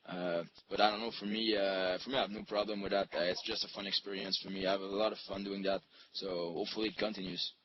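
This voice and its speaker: Low-voiced French Canadian man, halting. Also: level tone. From Quebec, Canada. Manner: halting, hesitant. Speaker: interview guest. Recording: muffled, with noticeable background noise.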